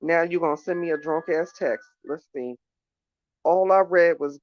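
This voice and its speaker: A woman's voice: deep voice, normal speed, no room sound, highs cut off. Exasperated woman ranting to her phone. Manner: exasperated, ranting, talks straight to viewers. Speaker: vlogger. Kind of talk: casual chat to camera.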